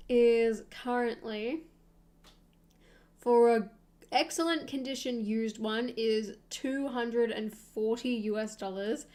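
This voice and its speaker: A young woman streaming, chatting casually and thinking aloud with soft laughs. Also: a little high.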